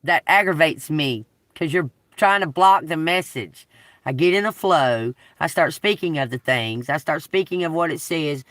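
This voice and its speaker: A woman with a Southern US accent, a tarot reader talking straight to her viewers, blunt and profane, swinging between a slow drawl and heated outbursts. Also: low voice, a bit bright, no room sound, studio quality. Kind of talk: unscripted video rant to viewers.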